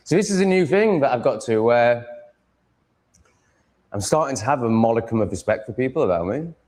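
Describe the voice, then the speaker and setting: A man with an English accent chatting with his livestream audience from home, blunt, profane and ranting. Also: mid-range voice. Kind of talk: casual livestream chat. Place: home room with cats.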